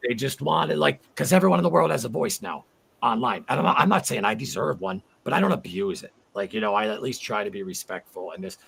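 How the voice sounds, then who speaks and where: Gravelly husky man hosting a livestream. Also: medium pitch, lively intonation, quick pace, fairly bright tone. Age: 40s. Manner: rambling, heartfelt, reads viewer comments aloud. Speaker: livestream host. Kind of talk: casual livestream chat.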